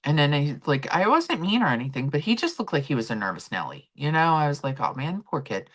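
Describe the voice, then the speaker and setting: A woman chats through a live stream, her voice low yet swinging widely up and down as she tells stories. She reads out viewers' messages between anecdotes in a loose, talkative manner. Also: sing-song, fairly quick, fairly bright tone. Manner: chatty storytelling, reading chat aloud. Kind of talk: casual chat with chat readers.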